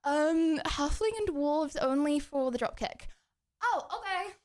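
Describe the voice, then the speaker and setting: A young woman streamer with a bright, high voice talks to her chat from her home kitchen. She is bubbly and jokey, and her words come out breathless as she moves about on her feet. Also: measured pace. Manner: bubbly, excitable, joking with chat. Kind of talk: casual live-stream chat. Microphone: streaming mic, wearing headphones.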